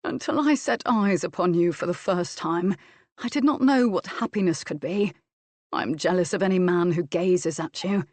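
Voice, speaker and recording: A woman's voice: lowish voice, moderate pace, darkish tone, no room sound. A woman voicing an earnest, devoted nobleman speaking tenderly to his wife.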